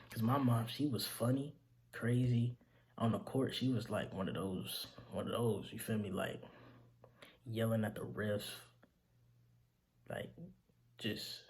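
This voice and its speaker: A young man telling the story of his mother's death, halting and repeating himself, his voice sinking to near whispers in grief. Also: fairly low pitch, creaky, a little mellow. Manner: halting, repeats himself, calls the listener bro. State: grieving, voice dropping to near whispers. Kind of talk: emotional storytelling to camera.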